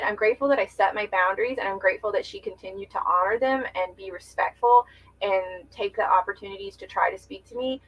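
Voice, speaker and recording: A young woman guest on a podcast, talking candidly about friendship with expressive, emotional delivery and lots of "like". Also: mid-range voice, rough recording. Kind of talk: candid conversational storytelling.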